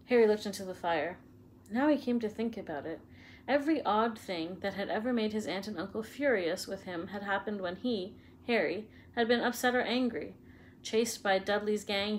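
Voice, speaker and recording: A woman reads a children's novel aloud in a steady, expressive way, with an ordinary mid-range voice. A faint hum runs behind her. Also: mid-range voice. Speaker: storyteller.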